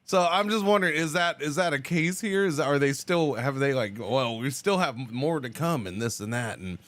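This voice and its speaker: A man's voice: medium pitch, animated, moderate pace, a bit bright, no echo. A man streaming a game, chatting casually and answering his chat, rambling and stumbling over repeated words. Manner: talks back to chat messages.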